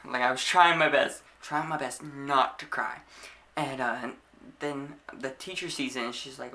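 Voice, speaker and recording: A man's voice: medium pitch, fairly even intonation, measured pace, bright, forceful tone. A young man vlogging a casual storytime to camera, laughing often and acting out the scenes as he tells them.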